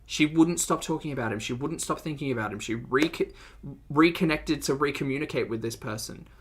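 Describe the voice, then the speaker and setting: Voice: mid-range voice, a little fast, husky. A streamer, reacting to videos in a casual, sarcastic and blunt way and reading out chat. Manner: blunt and sarcastic, laughs often.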